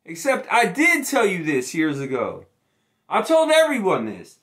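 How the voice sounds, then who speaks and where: High-pitched gloating man ranting. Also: huge pitch swings, unhurried, fairly bright tone. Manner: mocking, gloating, swearing heavily. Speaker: sports YouTuber. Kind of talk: profane ranting sports vlog.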